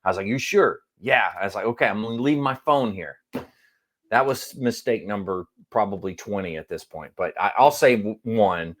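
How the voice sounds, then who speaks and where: A man telling a long funny story in casual chat as a podcast co-host, acting out quotes with sudden jumps in voice. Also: normal speed. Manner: animated, acts out quotes with big pitch jumps.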